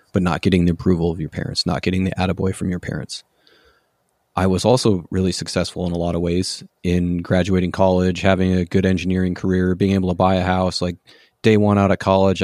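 A man's voice: low-pitched, darkish tone, dry recording, clean studio sound. A young man hosting a podcast. He speaks earnestly and thoughtfully, with strong emphasis when he makes a point. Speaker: podcast host. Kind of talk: conversational interview.

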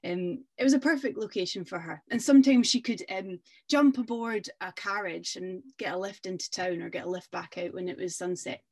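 A woman telling a short folk tale aloud, in a lively, conversational way with small hesitations. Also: medium pitch, a little fast, few pauses. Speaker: storyteller. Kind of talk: oral storytelling.

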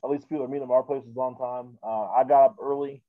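A man hosts a casual podcast in a loose, rambling way, full of fillers and restarts. His voice sits at a middle pitch. The recording is dry and a little dull. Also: fairly even intonation, quick pace, dry recording. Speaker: podcast host.

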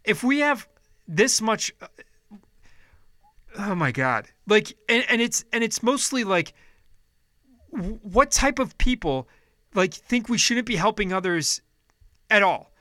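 A man's voice: high voice, big pitch swings, takes it slowly, long pauses, pushed and bright, no room sound, studio quality. A man delivering a heated, profane political rant, upset and frustrated, often restarting his sentences. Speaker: vlogger.

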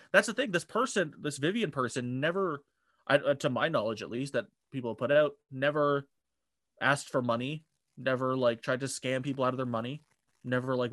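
A man's voice: mid-range voice, a bit bright, no room sound. Rambling young man, dry close sound. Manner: rambling, lots of fillers and restarts. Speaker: podcast co-host. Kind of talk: casual chat.

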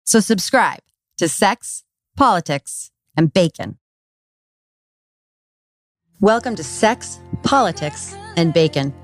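A woman's voice: lowish voice, animated, slow pace, pauses often, no room sound, clean studio sound. Woman reading an upbeat podcast promo. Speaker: podcast host. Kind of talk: scripted promo narration. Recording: faint music behind.

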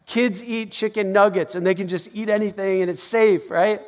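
A man's voice: sits high, moderate pace. A man preaching a casual, conversational sermon as pastor, acting out little scenes and quotes. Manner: conversational, animated, acts out quotes with laughs. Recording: long hall reverb.

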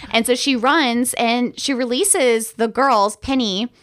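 A woman with a fairly high voice co-hosts a podcast in casual chat. She tells stories in an animated way, acts out both sides of a conversation, and swears freely. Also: slow pace. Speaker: podcast co-host.

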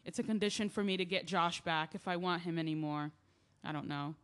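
A woman's voice: on the low side, fairly quick, lightly acted. Brief: woman as an earnest, confessional lead narrating her letters, audio drama. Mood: reflective. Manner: earnest, confessional, rising to yelling. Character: grieving young woman named Lia writing letters.

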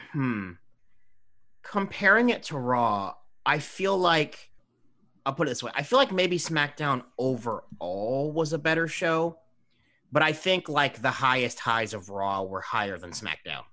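A man's voice: a little high, lively intonation, slow, pushed and bright. A young man co-hosting a casual chat, hedging and saying "like" a lot. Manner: hedging, many likes. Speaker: podcast co-host.

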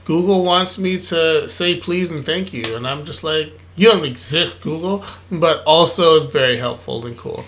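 A man's voice: fairly high pitch, a bit bright. A man in his twenties co-hosting a podcast, chatting casually with enthusiastic jokes. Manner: enthusiastic, jokey, drawn-out phrasing. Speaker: podcast co-host. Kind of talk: casual chat.

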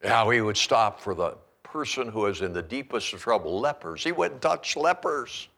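A man pastor preaching a sermon in an animated storytelling manner, acting out scenes as he goes. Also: fairly low pitch, normal speed, vocal fry.

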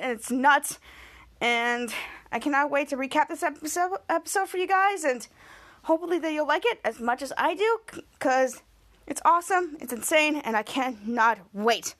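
A woman hosting a podcast, recapping a TV episode in an excitable, rambling way. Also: sits high. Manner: excitable and rambling, with many restarts. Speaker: podcast host.

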